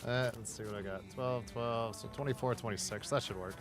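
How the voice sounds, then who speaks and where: A man's voice: mid-range voice, fairly even intonation, fairly quick, music in the background. A man streaming a game, rambling in casual chatter, swearing and laughing often.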